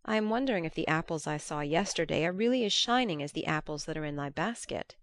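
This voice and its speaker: A woman's voice: low voice, expressive, quick pace, no echo, studio quality. A woman reading aloud, voicing a sly, persuasive male trickster god. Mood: coaxing.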